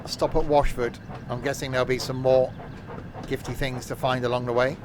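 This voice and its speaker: Streamer guy chatting while driving a game train, normal pitch, jokey, hissy mic. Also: level tone, moderate pace. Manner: chatty, joking asides. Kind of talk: casual live-stream commentary.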